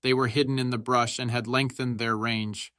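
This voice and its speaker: A man reading a war memoir aloud as dramatic audiobook narration, raising his voice for the soldiers' shouts. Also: level tone, moderate pace, clear, resonant tone, dry recording, studio quality. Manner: shouts quoted soldiers' lines with raised pitch.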